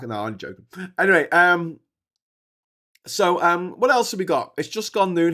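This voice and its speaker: A man's voice: sits high, lively intonation, normal speed, bright, forceful tone. Tired rambling man. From Liverpool. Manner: rambling, chatty, full of fillers. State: tired from staying awake. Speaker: livestream host. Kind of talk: casual livestream chat.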